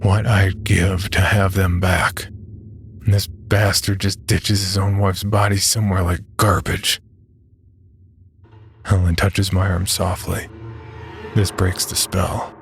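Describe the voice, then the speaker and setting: Low gravelly guy telling a creepy story in first person, faint music under it. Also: little pitch movement, slow pace, long pauses. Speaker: narrator. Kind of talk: scripted first-person horror narration. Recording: music beneath the voice.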